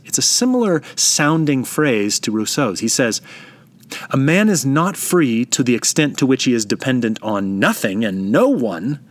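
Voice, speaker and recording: A man preaching a sermon, reflective and emphatic, slowing down to stress key phrases. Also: mid-range voice.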